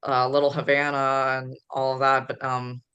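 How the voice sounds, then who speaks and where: A woman's voice: very deep voice, level tone, normal speed, fairly bright tone, smooth, highs cut off. A woman from the Chicago area, a podcast guest, rambling through stories with many fillers. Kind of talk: casual podcast chat.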